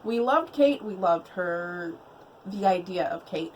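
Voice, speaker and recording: A young woman in casual chat reviewing a movie, chatty and blunt with quick opinions. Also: fairly low pitch, expressive, a little hiss or hum, rough recording.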